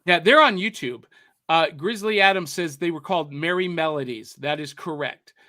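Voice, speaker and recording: A man's voice: on the high side, normal speed, bright, forceful tone. A man hosting a podcast, chatting casually and reading out viewer comments in a playful way. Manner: playful, breaks into a mock newsreel announcer voice. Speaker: podcast host.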